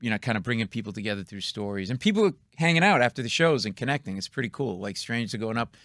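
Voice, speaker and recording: Here a middle-aged comedian tells stories as a radio studio guest, performing the characters' quoted voices in a quick, punchy, comedic way. The voice is lowish, a bit bright and very animated, with no room sound.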